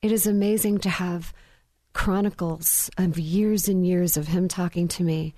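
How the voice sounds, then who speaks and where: A woman's voice: fairly low pitch, fairly even intonation, unhurried, dark tone, no echo. A woman on a faith talk show, telling stories with animation and acting out childlike voices. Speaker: guest speaker.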